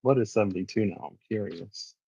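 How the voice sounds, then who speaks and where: Low-voiced man musing over tarot cards. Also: a little fast, creaky, mellow, husky, no room sound, poor audio. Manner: musing, chatty, reads card meanings aloud. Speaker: tarot reader. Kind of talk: casual tarot reading vlog.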